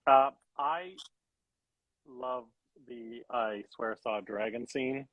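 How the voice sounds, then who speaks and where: A man's voice: medium pitch, slow pace, no echo, phone-quality sound. A man on a podcast sharing a film opinion in a thoughtful, hesitant way, correcting himself as he goes. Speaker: podcast guest co-host. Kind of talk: casual film discussion chat.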